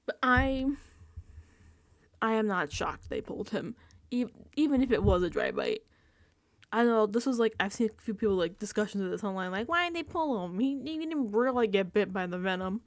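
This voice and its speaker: A young woman chatting casually on a reality-TV recap vlog, animated and laughing, acting out quotes and swearing freely. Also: medium pitch, normal speed, no echo. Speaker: recap vlogger. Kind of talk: casual reality-TV reaction chat.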